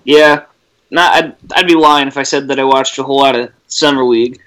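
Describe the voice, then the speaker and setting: A man's voice: mid-range voice, steady tone, brisk, a bit bright. A young man co-hosting a casual sports podcast, teasing his friends with funny stories. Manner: teasing storyteller, laughs often. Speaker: podcast co-host.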